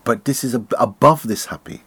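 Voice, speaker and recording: A man from Jamaica giving a casual spiritual talk, animated and often laughing, sometimes sinking to a near whisper. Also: mid-range voice, fairly quick, breathy edge.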